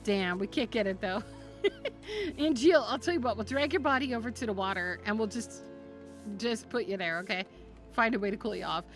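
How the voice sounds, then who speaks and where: A woman's voice: mid-range voice, fairly quick, soft background music. A woman streaming a game live, chatting playfully with her viewers, giggling and stumbling over her words as she talks to them by name.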